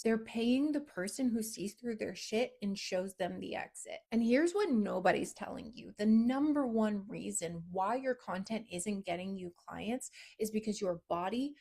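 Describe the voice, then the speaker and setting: A woman business coach talking straight to camera, blunt and emphatic, swearing freely. She swings between loud, punchy lines and low, near-whispered asides. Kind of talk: direct-to-camera coaching talk.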